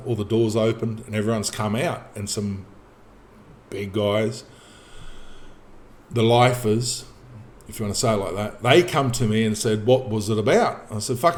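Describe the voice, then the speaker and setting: Profane man telling a story. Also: mid-range voice. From Australia. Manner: profane, animated, acts out dialogue in his telling. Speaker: podcast guest telling a personal story. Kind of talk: casual spoken storytelling.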